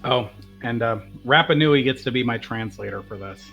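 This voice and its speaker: A man's voice: mid-range voice, normal speed, vocal fry, dull audio, soft background music. A man playing a tabletop game, talking casually and hesitantly with many fillers. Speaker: player.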